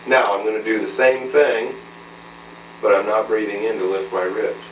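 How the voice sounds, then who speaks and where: This is a vocal coach with a lowish, steady voice at normal speed, patiently teaching a beginner singer breathing in a hands-on lesson, in a room with a mirror. He checks in often with "okay?". Audio is roomy and distant, from old tape with a faint hum.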